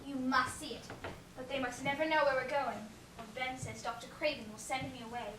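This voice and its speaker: Earnest spirited young girl, played by a woman; high, recorded far off with hiss. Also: fairly even intonation, brisk, a bit bright. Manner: earnest, eager. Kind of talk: stage musical acting. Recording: distant echoey stage recording, noisy.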